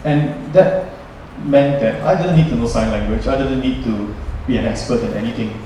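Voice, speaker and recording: A man's voice: mid-range voice, normal speed, mellow. A young man tells a personal story from a stage, speaking earnestly and reflectively. His voice rings through a large, very echoey hall and sounds distant from the recording. Faint noise sits under the speech. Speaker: student emcee. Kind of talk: live stage speech to an audience.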